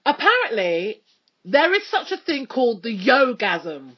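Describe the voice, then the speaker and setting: A chatty woman hosts a casual radio segment, joking along and filling gaps with ums and you-knows. Her voice is husky and breathy. The recording sounds dull and lo-fi. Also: on the high side, big pitch swings, unhurried. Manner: chatty, joking, many fillers. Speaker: radio presenter.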